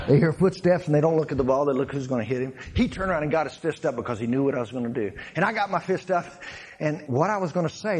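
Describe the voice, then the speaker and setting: A lively male preacher with a wide, swinging pitch, telling football stories to a church crowd. He drops low and quiet for the serious points, then climbs high and loud for the punchlines, often laughing as he goes. A faint room ambience sits behind him in a live church recording. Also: background noise. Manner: storytelling, animated, laughs, shouts punchlines. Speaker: guest speaker, former pro football player. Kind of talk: testimony sermon to a congregation.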